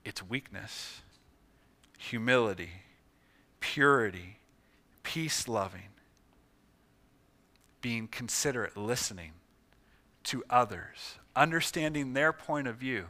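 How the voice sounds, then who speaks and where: A male pastor preaching a sermon, telling a story dramatically and swinging from hushed tones to loud ones. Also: medium pitch, expressive, slow, pauses often.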